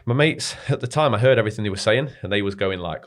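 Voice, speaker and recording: Fast-talking, low-voiced young man. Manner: animated, rapid storytelling with frequent "mate" and swearing. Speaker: podcast guest. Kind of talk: casual storytelling.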